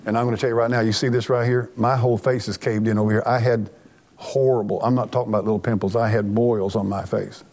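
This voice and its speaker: A man's voice: on the low side, little pitch movement, quick pace, darkish tone. A middle-aged man preaching a sermon as pastor, earnest and plainspoken, often restarting his sentences.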